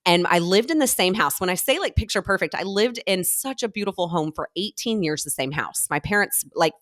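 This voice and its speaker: A young woman with a slightly low voice tells her story as a podcast guest. She is chatty and candid, and she slips into quoted dialogue as she goes. The sound is dry and close. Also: lively intonation, fairly quick, fairly bright tone, no echo.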